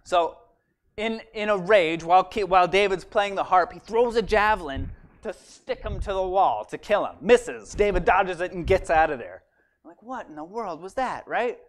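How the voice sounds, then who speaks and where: A man's voice: high-pitched, moderate pace. A man casually retelling a Bible story at a church service, acting out the characters' lines and often asking "right?". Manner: animated storyteller, acts out quotes, fillers like "right?". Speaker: Bible study teacher.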